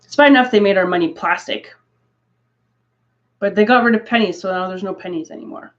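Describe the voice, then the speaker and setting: Dull lo-fi stream audio carries a fairly quick, mid-range female voice. The speaker, a Canadian, rambles casually through asides with her craft livestream viewers and laughs frequently.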